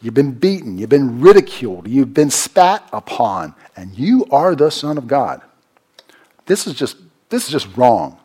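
A man preaching a sermon, repeating phrases for emphasis and swinging from loud, raised lines to quiet, low asides. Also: big pitch swings, measured pace, slightly rough. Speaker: pastor.

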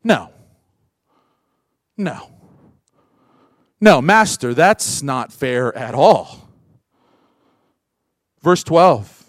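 A male pastor preaching a sermon, acting out voices and swinging from loud bursts to hushed lines. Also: mid-range voice, extremely slow, pauses often, dry recording. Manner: animated, acts out voices of workers.

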